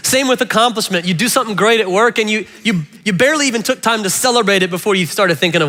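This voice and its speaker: Lively male preacher with a high, bright voice. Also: fast. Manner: animated, playful, talks directly to the audience. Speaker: pastor. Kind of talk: sermon. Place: large church hall. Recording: reverberant church hall.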